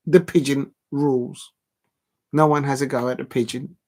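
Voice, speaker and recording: Gravelly man chatting on a livestream. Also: medium pitch, steady tone, moderate pace, a little mellow. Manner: rambling, many ums and restarts, blunt. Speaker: livestream host. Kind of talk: casual live-stream chat.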